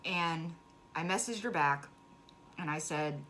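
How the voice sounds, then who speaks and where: Low-voiced woman telling a personal story. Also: sharp tone. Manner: frank, halting with restarts, flares up when angry. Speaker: vlogger sharing a personal story. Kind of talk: candid conversational storytelling. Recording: clear background noise.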